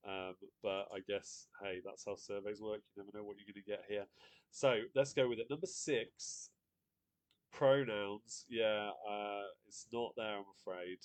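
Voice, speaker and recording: A man's voice: fairly low pitch, fairly even intonation, normal speed, smooth. A man hosting a live online quiz, chatty, reading out viewer guesses and laughing often. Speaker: quiz host.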